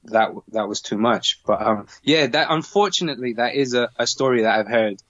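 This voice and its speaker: A male doctor speaking as a guest in a casual interview, earnest and halting, with many restarts. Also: mid-range voice, fairly bright tone, dry recording, muffled recording.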